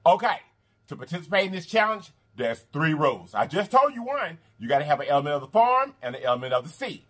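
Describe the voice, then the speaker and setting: A man hosting a mukbang eating video in casual chat, animated and repetitive, calling his viewers y'all and honey. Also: a little high, fast talker. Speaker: mukbang host. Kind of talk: casual eating vlog talk.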